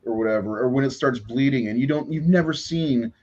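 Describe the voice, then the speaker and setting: A man's voice: mid-range voice, a little fast, darkish tone. A man co-hosting a casual movie podcast, full of enthusiasm and loose fillers. His voice comes through slightly dull and lo-fi. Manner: enthusiastic with frequent fillers and swearing. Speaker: podcast co-host.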